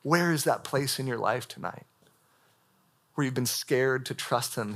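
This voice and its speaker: A young adult man preaching a sermon to a live audience in a church hall, casual and animated, with frequent filler words. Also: medium pitch, unhurried, long pauses.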